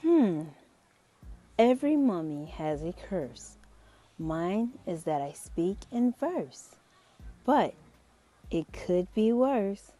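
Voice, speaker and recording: A woman's voice: medium pitch, very animated, warm tone. A woman doing a rhyming old mummy teacher. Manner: speaks in rhyme, slow and teacherly.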